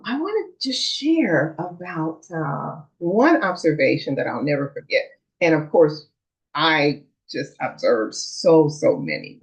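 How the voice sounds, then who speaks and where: A middle-aged woman shares a personal story on her vlog. She talks in a chatty way with fillers, and her lowish voice swoops up and down with a lot of feeling. The recording sounds muffled and lo-fi. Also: a little mellow. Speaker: vlogger. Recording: dull lo-fi recording.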